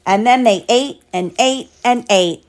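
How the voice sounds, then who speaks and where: A mother reading a picture book aloud to her young children, gentle and chatty, stopping to explain the pictures. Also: a little high, a little slow.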